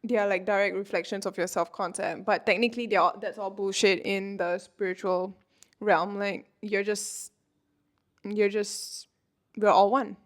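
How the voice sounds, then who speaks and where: A woman's voice: medium pitch, fairly even intonation, normal speed. Chatty young woman coaching casually. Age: 20s. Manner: chatty, says "like" and "you know" a lot, laughs often. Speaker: manifestation coach. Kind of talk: casual talk to camera.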